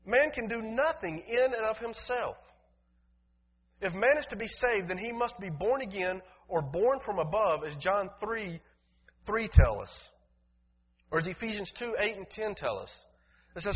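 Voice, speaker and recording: A male pastor preaching a sermon in a church, emphatic, swinging from loud declarations to soft, low passages. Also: lively intonation, a little slow, breathy edge. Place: church sanctuary. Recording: dull, reverberant hall sound.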